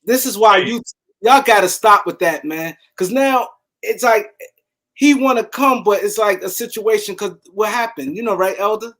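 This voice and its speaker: Man, high voice, live-stream sports host, animated, stumbles and repeats words. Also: normal speed. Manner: animated, repeats words, shouts out viewers by name. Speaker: show host.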